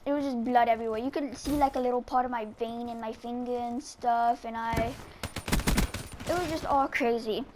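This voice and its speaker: A woman's voice: on the high side, fairly even intonation, normal speed, very noisy. A woman telling a casual story while she plays a game, rambling and full of filler words. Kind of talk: casual storytelling over gameplay.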